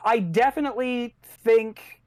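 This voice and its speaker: A woman narrating as game master of a tabletop game, measured and thoughtful, with soft hums between thoughts. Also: fairly high pitch, dry recording.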